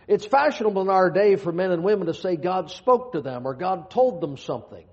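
Folksy preacher, slightly high voice. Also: male voice, lively intonation, brisk, a little mellow. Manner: folksy, joking asides between scripture readings. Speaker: pastor. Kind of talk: sermon. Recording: dull lo-fi sound.

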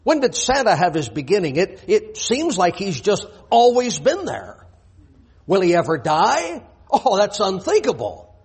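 A man delivering a church sermon in a fairly high voice with a husky, breathy edge. He presses his points with pointed rhetorical questions. He reads scripture aloud in a forceful preaching cadence. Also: huge pitch swings, unhurried.

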